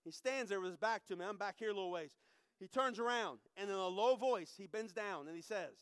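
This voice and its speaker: A high-pitched middle-aged man gives a sermon testimony. His voice is smooth and clear, recorded close and dry with no room sound. He drops to near-whispers and then rises loud, repeating phrases for emphasis. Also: a little fast, dry recording. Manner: emotional, swings from hushed to loud, repeats phrases. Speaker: preacher.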